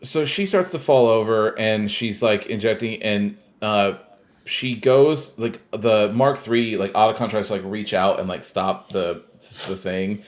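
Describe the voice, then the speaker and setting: Guy with a lowish voice, podcast cohost, retelling game scenes, lots of likes and ums. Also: measured pace. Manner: rambling retelling full of fillers and quoted lines. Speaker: podcast co-host. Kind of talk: casual chat recapping a game.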